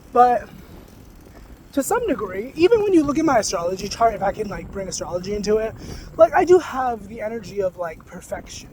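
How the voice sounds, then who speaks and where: A man's voice: high voice, slight background noise. Rambling man musing on spirituality. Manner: rambling, loose, full of "like" and "you know"; frank, sometimes swearing. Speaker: vlogger.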